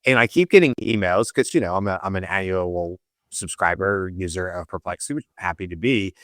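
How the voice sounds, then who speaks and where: A man's voice: sits low, expressive, fairly quick, a bit bright, dry recording, clean studio sound. A man co-hosting a talk show, talking through his views in a rambling, wry, self-correcting way. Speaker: co-host. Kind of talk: casual tech discussion.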